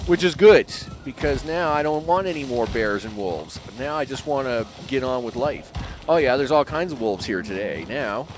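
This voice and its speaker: A man casually commenting on his live gameplay, chatting to the animals in the game and grumbling at his bad luck. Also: on the high side. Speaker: game streamer. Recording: noisy game sound behind voice. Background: game ambience and vehicle sounds.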